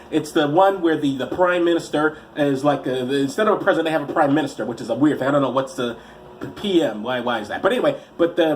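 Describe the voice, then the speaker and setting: A man's voice: mid-range voice, a little hiss or hum. A man with a cold and an American accent, hosting a comedy show where he reads news stories aloud in a rambling, sarcastic way with many restarts. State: has a cold. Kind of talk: comedic news-story reading.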